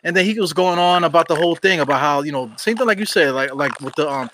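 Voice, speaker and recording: A man from Brooklyn hosts a casual sports podcast. He rambles in a slightly high voice, full of fillers and street slang, over a faint background hiss. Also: lively intonation, quick pace, hardly any pauses, pushed and bright, rough recording. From Brooklyn, New York. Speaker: podcast host.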